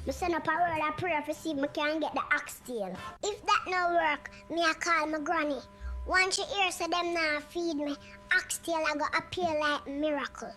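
A woman's voice: sits high, moderate pace, a bit bright, faint music behind. A young woman with a Jamaican accent doing a cheeky comic monologue. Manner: cheeky, complaining storyteller. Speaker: comedic performer.

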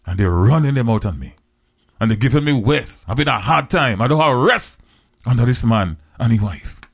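A man preaching a sermon, retelling a Bible story in plain, creole-flavored English with repeated phrases and slow, drawn-out scripture quotes. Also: mid-range voice, expressive, creaky, slightly rough.

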